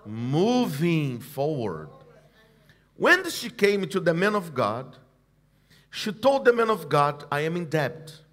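Pastor guy preaching slow, high voice, calls on the church to say it back. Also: very animated, fairly bright tone. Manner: call-and-response preaching, prompting the congregation to repeat; emphatic, repetitive phrasing. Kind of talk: sermon. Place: church service.

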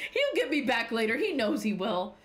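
A woman's voice: a little high, big pitch swings, normal speed, soft background music. A young woman streaming a game in casual chat, laughing constantly as she talks. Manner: giggly, laughs constantly while talking. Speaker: gaming streamer. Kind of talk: casual let's-play chat.

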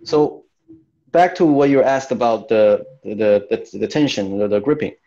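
A man's voice: lowish voice, a little slow, warm tone, highs cut off. A man, a fascia coach, answering an interview question earnestly over a video call, often repeating words as he finds his phrasing. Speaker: fascia training coach, guest.

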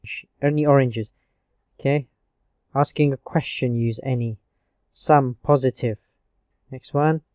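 A man teaching a grammar lesson online, explaining slowly and patiently with frequent checks of "okay". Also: mid-range voice, steady tone, a little mellow, smooth, dry recording. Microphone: screencast recording mic.

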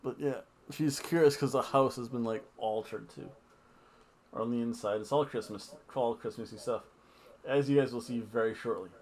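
A man's voice: medium pitch, fairly even intonation, normal speed, a little mellow. Rambling man recapping wrestling. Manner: rambling, offhand and jokey, with many fillers and asides. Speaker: wrestling review host. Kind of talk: casual wrestling recap chat.

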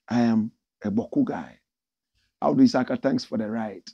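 Ghanaian male host, husky and gravelly, swinging pitch, dry close sound. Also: normal speed, no room sound, highs cut off. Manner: animated, reads viewer comments aloud in a pitched-up voice. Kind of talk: casual livestream talk.

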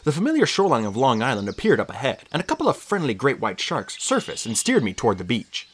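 An audiobook reader narrating a story in first person with lively, expressive storytelling. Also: medium pitch, fast, a little hiss or hum.

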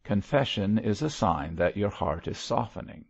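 A man's voice: on the low side, expressive, moderate pace, vocal fry. A man voicing a fervent lay preacher who pleads and lectures in a grave, preachy manner. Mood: earnest. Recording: muffled lo-fi recording.

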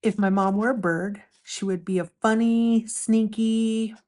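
Gentle woman reading aloud to kids, unhurried, clear and friendly in tone. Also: fairly high pitch, fairly even intonation. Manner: gentle, slow and clear, asking little questions of young listeners. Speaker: children's storybook reader and channel host. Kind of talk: reading picture books aloud to children.

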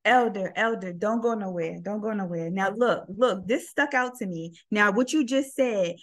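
A woman's voice: mid-range voice, moderate pace, few pauses. A woman leading a casual Bible study, reading verses aloud and calling on the group to help. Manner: animated, reading scripture aloud and asking the group.

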